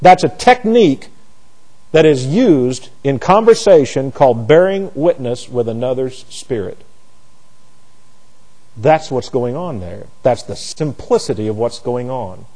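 A man's voice: mid-range voice, lively intonation, measured pace, mellow, rough recording. A man teaching a conversational Bible study class, asking rhetorical questions, restarting phrases and slipping into folksy asides.

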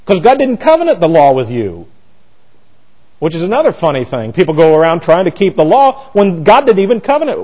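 A man's voice: fairly quick, low-quality recording. A man preaching an expository Bible sermon, emphatic, with rhetorical questions and repeated words. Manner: animated pitch jumps for emphasis. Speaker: pastor.

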